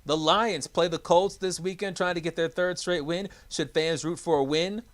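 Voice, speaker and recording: A man's voice: a little high, steady tone, normal speed, a bit bright. A man co-hosting a sports talk podcast, with upbeat, hype announcer energy in casual chat. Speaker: podcast co-host.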